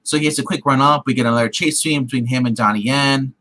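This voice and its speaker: A man's voice: medium pitch, fast talker, rough recording. A man co-hosting a film review show, rambling through the plot in casual chat. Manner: rambling, acts out scenes in lively put-on voices.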